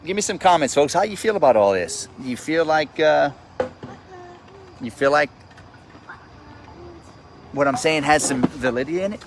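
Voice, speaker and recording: A man's voice: a little high, animated, moderate pace, long pauses, noisy background. A man, ranting bluntly and with profanity on an outdoor live stream, often repeating himself as he gets worked up. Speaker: real estate investor hosting a live stream. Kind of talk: casual livestream rant. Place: outdoors at sundown. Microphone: phone livestream.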